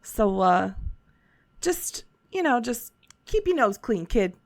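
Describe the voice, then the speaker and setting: A woman's voice: a little high, big pitch swings, slow, darkish tone, no echo, heavily acted. A woman doing a cagey Southern handyman. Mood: folksy. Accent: put-on Southern US drawl. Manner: drawling, hesitant, folksy. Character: shady folksy male handyman tinkerer, friendly but cagey.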